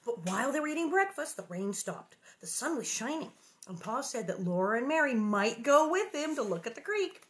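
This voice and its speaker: A woman reading a children's novel aloud and breaking off into jokey, animated asides. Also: fairly high pitch, brisk. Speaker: book reader and host.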